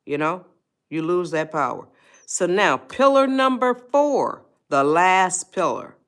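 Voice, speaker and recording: Slow, lively-pitched woman livestreaming. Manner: folksy, talks straight to viewers, answers chat. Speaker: livestream host giving life advice. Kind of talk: casual motivational livestream talk.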